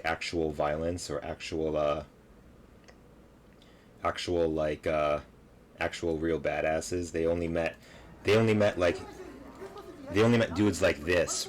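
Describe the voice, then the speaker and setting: A man's voice: low-pitched, a little hiss or hum. A man giving casual reaction commentary on a video clip, laughing and mocking, rambling with lots of fillers.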